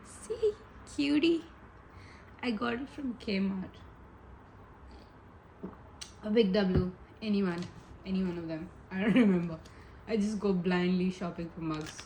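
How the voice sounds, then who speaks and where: A woman's voice: medium pitch, slow pace, pauses often, dark tone, a little hiss or hum, poor audio. A woman giving a casual pick-a-pile tarot reading, chatty and giggly, rambling with many asides. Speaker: tarot reader.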